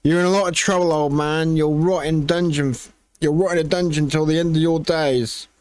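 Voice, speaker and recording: A man's voice: on the high side, fairly even intonation, normal speed, a little mellow, clean tone, dry recording, close to an everyday voice. A man voicing a stern male soldier officer who speaks curtly and commandingly, reading a game's dialogue aloud. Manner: curt, commanding.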